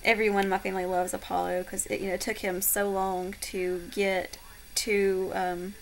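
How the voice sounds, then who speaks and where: A young-sounding woman speaks softly and haltingly to her camera, full of fillers and little pauses, with a gravelly fry and a flat, even pitch. A faint hiss sits under her voice. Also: rough recording. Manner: soft-spoken, halting with many fillers. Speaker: vlogger. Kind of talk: casual heartfelt talk to camera.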